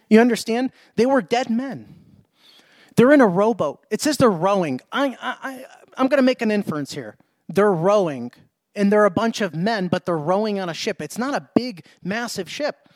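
A man's voice: sits high, a little mellow, dry recording. A man preaching a sermon as pastor in a church, emphatic and repetitive, putting questions to the congregation. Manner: emphatic, repeats himself, asks the congregation questions.

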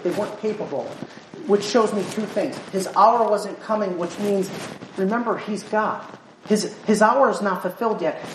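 A woman preaching a sermon in a church, animated, acting out crowd chatter and reading scripture aloud. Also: mid-range voice, a little hiss or hum. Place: church sanctuary. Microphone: handheld or stand mic. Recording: echoey church room.

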